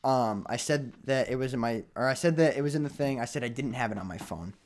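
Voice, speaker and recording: A man's voice: medium pitch, quick pace, slight background noise. A young man from Rhode Island, a podcast co-host, telling a story casually with many "like" fillers and acting out what others said. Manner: animated, acts out other people's lines, many "like" fillers.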